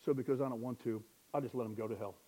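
Man, pastor, sermon, conversational, rhetorical questions, self-deprecating humor, mid-pitched voice. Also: steady tone, very fast, mellow.

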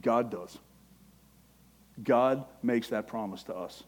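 A man preaching a sermon with passion, quoting scripture and acting out prayers, his voice rising when he gets excited. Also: mid-range voice, slow pace. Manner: impassioned, quotes scripture, acts out prayers.

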